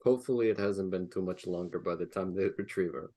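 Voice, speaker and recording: A man playing a tabletop game in character, easygoing and quick to laugh. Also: low voice, warm tone. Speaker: player.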